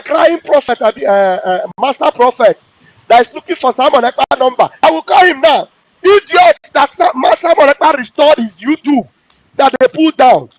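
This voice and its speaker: A man's voice: extremely high pitch, no room sound. A male host, giving heated, mocking political commentary. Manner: heated, mocking, acts out quotes. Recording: dull, dry lo-fi audio.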